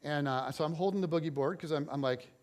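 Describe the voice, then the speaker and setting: A man's voice: a little high, fast. A middle-aged man preaching as a pastor, telling a story and acting out the voices in it. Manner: animated storyteller, acts out quotes. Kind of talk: sermon storytelling.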